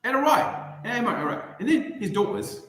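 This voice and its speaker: Male streamer, rambling mocking commentary, animated pitch swings, echoey room. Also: moderate pace.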